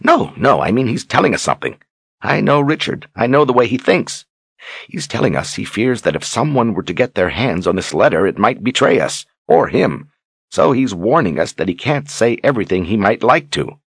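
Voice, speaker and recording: A man voicing an excitable, thin old male wizard who blusters and interrupts in a storybook reading. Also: on the low side, normal speed, vocal fry, slightly rough, no echo, pitched above the performer's own voice, exaggerated voice. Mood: urgent. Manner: agitated, blustering outbursts.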